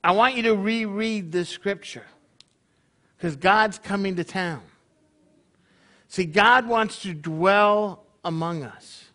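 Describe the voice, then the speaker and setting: A man's voice: high-pitched, slow pace, long pauses, sharp tone. A man leading his congregation in a conversational sermon, full of rhetorical questions. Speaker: congregation leader.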